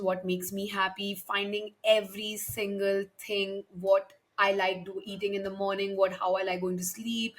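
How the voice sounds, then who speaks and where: A woman's voice: mid-range voice, a bit bright. Frank young woman, candid monologue. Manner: frank and emphatic, swears often, many restarts. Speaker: podcast host.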